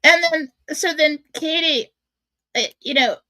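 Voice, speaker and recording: A woman's voice: high voice, unhurried, pushed and bright, no echo. A middle-aged woman hosting a radio show, telling a personal story in a candid, self-mocking way. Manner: candid, self-mocking, acts out her own thoughts.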